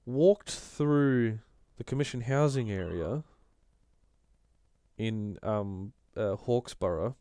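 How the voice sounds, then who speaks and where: An Australian man co-hosting a political podcast, talking in an animated, casual way and often restarting his sentences. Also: lowish voice, takes it slowly, smooth, no room sound, clean studio sound. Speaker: podcast co-host.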